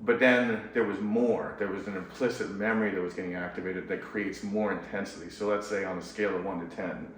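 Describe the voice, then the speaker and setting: Low-voiced man in an echoey room. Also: fairly even intonation, fairly quick, few pauses, recorded from a distance, a little hiss or hum. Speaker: couples therapist. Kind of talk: casual explanatory talk.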